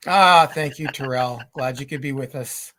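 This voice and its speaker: A middle-aged man hosting a live podcast chat, talking in halting, rambling sentences full of restarts. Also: mid-range voice, bright, forceful tone. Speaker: podcast host. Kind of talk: casual live-stream chat.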